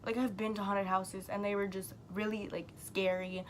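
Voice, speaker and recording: A woman's voice: medium pitch, level tone, normal speed, rough recording. Young woman vlogger, rambling storyteller, mid-range voice, faint hiss behind. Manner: chatty and rambling, heavy use of "like", swears casually. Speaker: YouTuber telling a story. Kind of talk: casual storytime vlog.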